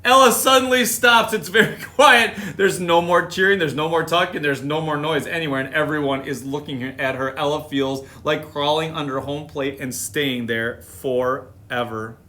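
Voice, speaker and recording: A man reading picture books aloud on a live stream, with animated, chatty asides. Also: fairly high pitch, moderate pace, hardly any pauses, slight background noise. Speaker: storytime reader.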